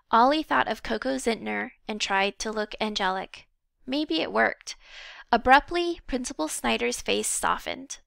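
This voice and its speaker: Woman storyteller, audiobook read, gravelly and bright, dry close sound. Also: on the high side, no echo. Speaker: audiobook reader. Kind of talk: storybook narration.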